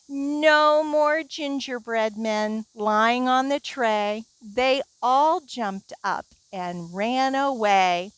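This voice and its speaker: A woman's voice: fairly high pitch, drawn-out words, fairly bright tone, clean tone. A woman librarian leading a children's storytime, reading rhymes and a fairy tale aloud in a sing-song way. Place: library garden outdoors.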